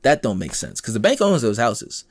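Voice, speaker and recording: A man's voice: medium pitch, normal speed, no echo, clean studio sound. A man hosting a podcast, talking through news stories in a casual, exasperated way and acting out the people he quotes. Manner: animated and exasperated, acts out quoted people, swears freely. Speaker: podcast host.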